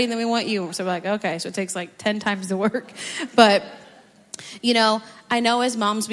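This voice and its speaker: A middle-aged woman speaking as a church guest, sharing her parenting stories in a chatty, animated way. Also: medium pitch. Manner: chatty, animated, acts out her own outbursts. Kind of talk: personal testimony on a church stage. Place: church sanctuary. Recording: long hall reverb.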